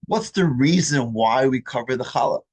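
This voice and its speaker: A man doing a wise old rabbi, calmly reasoning. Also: mid-range voice, normal speed, no echo, pitched below the performer's own voice, lightly acted. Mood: gently reproving. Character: wise elderly rabbi gently rebuking a host.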